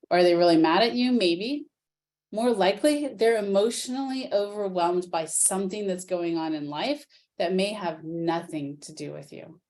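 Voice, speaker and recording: Calm woman parenting coach, low voice. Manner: calm, earnest advice with quoted examples. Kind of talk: interview answers.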